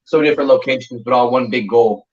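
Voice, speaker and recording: A man's voice: mid-range voice, fast talker, recorded from a distance, highs cut off. A man who fights MMA, guest-hosting a casual podcast chat in an easygoing, agreeable way.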